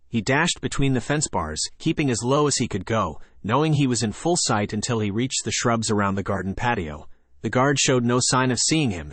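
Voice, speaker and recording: A man narrating an audiobook story in a steady reading voice, lightly voicing the characters. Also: medium pitch, dry recording. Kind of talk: scripted narration.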